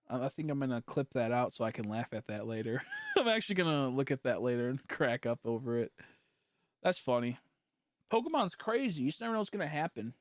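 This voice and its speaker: A man's voice: mid-range voice, dry recording. A young man chatting casually on a livestream, rambling and joking and laughing often as he talks. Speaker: streamer.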